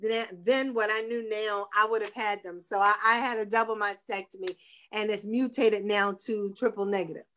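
A woman guest on a talk show, telling her cancer story in an animated, faith-filled way. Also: mid-range voice, moderate pace. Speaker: guest, breast cancer advocate. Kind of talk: personal testimony in a talk show.

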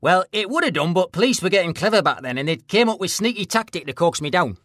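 An actor playing a blunt, deadpan middle-aged northern English ex-stalker, in a mock documentary interview. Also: male voice, high voice, fast, dry recording, clean studio sound. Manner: deadpan, blunt, plain-spoken.

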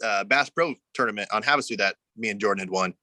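A man's voice: fairly low pitch, quick pace, sharp tone, no room sound. A man telling fishing stories in a laid-back, casual way, often saying "you know", from Arizona. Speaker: guest angler. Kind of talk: casual storytelling.

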